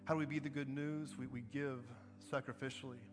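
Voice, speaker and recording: A male pastor preaches a sermon emphatically, repeating phrases and asking "right?". His voice is medium pitch, level in tone and fairly quick. The recording has long reverb with faint music behind.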